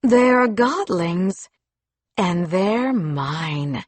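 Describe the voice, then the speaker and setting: A venomous, scheming female official, voiced by a woman narrator in a storybook, spitting her words through gritted teeth. She speaks slowly and deliberately, recorded close and dry. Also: on the high side, big pitch swings, dry recording, exaggerated voice. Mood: seething.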